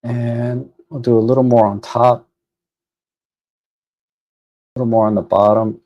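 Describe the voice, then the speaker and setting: A man's voice: medium pitch, fairly even intonation, unhurried, warm tone, no room sound, highs cut off. A man hosting a photo editing livestream, chatting casually and thinking aloud with fillers and restarts as he works at his computer. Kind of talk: casual live stream commentary. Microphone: desk microphone.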